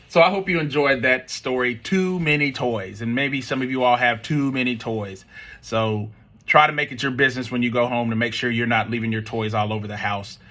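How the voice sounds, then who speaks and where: A man reading a children's storybook aloud and chatting with students about it. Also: medium pitch. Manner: expressive, chatty.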